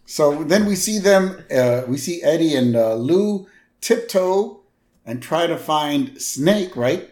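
A man's voice: on the high side, expressive, takes it slowly, darkish tone. A man co-hosting a podcast, casually recapping a cartoon episode with many short agreeing replies. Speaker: podcast co-host.

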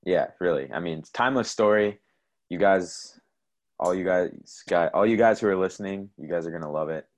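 A man hosting a podcast, giving a guest short, relaxed prompts and replies. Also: deep voice, a little fast. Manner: laid-back, brief replies and prompts. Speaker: podcast host. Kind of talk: casual interview.

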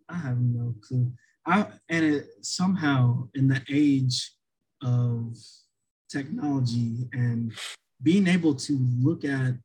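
Husky-voiced man, co-host, casual and rambling, heavy on fillers. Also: medium pitch, a little mellow, low-quality recording. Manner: rambling, many restarts and fillers. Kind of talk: casual chat.

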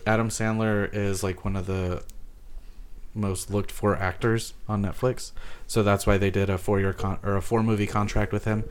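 Low-voiced man rambling through movie facts. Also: level tone, normal speed, slight background noise. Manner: meandering, filler-heavy delivery. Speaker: podcast co-host presenting movie facts. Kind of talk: casual chat.

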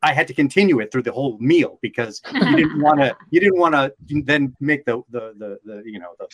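A man's voice: medium pitch, lively intonation, a little fast, husky, no echo, rough recording. A man from Brooklyn who is a voice actor and director, telling stories on a panel with a self-deprecating, laughing manner. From Brooklyn, New York. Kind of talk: panel discussion.

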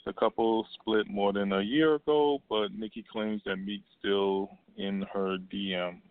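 A man's voice: fairly low pitch, steady tone, a little slow, no echo. Laughing man reading gossip on a call. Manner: laughs often, reads quotes in a mocking voice. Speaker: radio show co-host. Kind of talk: casual entertainment gossip chat. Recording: dry, phone-like line.

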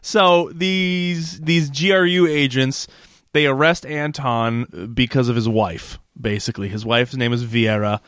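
A man's voice: medium pitch, fairly even intonation, a little slow, fairly bright tone, clean tone, no echo, studio quality. Laughing man recapping an episode. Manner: rambling, laughs often, restarts. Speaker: podcast co-host. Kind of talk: casual podcast recap chat.

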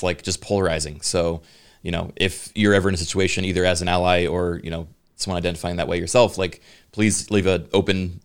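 A man with a deep, gravelly voice chats on a podcast in a flat, even tone. He speaks haltingly and leans on "like" and "you know". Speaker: podcast co-host. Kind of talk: casual chat.

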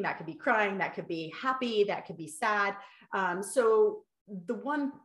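A middle-aged woman speaking as a guest in an interview, animated and lively as she tells stories. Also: medium pitch. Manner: animated, acts out quotes. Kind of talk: podcast interview conversation. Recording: roomy echo.

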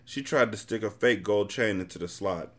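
Low-voiced man reading a novel aloud. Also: normal speed. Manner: casual, blunt, profane commentary. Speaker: podcast host and reader.

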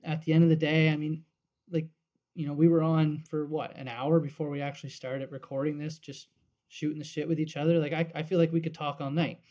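Mellow man, friendly podcast co-host. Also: a little high, little pitch movement, brisk, dull audio. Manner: thoughtful, repeats words when starting sentences. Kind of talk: casual podcast chat.

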